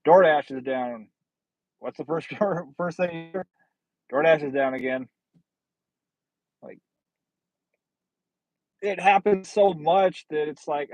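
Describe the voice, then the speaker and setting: A man's voice: mid-range voice, measured pace, long pauses, no echo, highs cut off. A man hosting a casual livestream, chatting with viewers in a blunt, sardonic, rambling way. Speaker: livestream host. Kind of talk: casual livestream chat reading comments.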